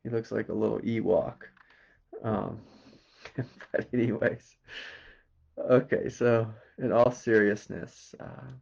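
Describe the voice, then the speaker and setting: A man from Kentucky with a Southern accent, a spiritual teacher giving a slow, meditative satsang talk and asking quiet questions between soft laughs. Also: fairly low pitch, steady tone, vocal fry, breathy edge, muffled recording. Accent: Southern American. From Kentucky, USA.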